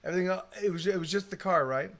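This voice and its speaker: Very fast and high-pitched with a fairly bright tone, this musician chats loosely on a live stream. His Texan-accented talk rambles, full of swearing, false starts, and filler words.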